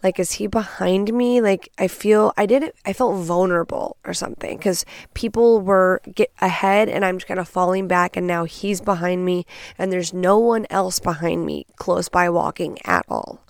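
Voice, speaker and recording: A woman's voice: on the low side, normal speed, no room sound, studio quality. A young woman from Texas, hosting a podcast, tells a story bluntly and with lots of swearing, acting out what people said. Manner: blunt, profane, animated retelling with quoted asides. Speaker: podcast host. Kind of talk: casual storytelling.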